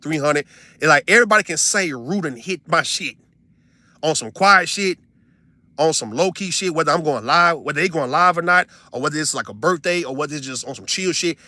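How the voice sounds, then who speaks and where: Young man, heated profane streamer rant, high bright voice, dry close sound. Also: no room sound. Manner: profane, repetitive, incredulous, swings between loud and muttered. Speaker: livestreamer venting to his audience.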